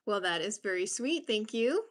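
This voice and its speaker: An upbeat woman hosts a casual livestream in a mid-pitched voice, chatty and friendly with each viewer. She grew up in Massachusetts and talks easily and informally. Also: sing-song, normal speed. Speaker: livestream host. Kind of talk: casual live-stream chat.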